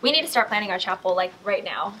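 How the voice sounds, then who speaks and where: Quick, bossy young woman student. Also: mid-range voice, animated, sharp tone, a little hiss or hum, poor audio. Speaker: student acting in a school skit. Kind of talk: amateur skit acting.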